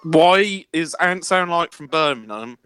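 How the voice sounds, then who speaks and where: Quiet self-mocking man. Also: fairly high pitch, lively intonation, unhurried, clear, resonant tone, dry recording, studio quality. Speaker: podcast co-host. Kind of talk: casual banter.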